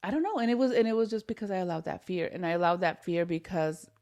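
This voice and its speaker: A young woman co-hosting a podcast, telling a personal story in a candid, animated way, with many restarts and the odd Spanish word. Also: on the low side, fast. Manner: animated, restarts often, mixes in Spanish words. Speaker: podcast co-host.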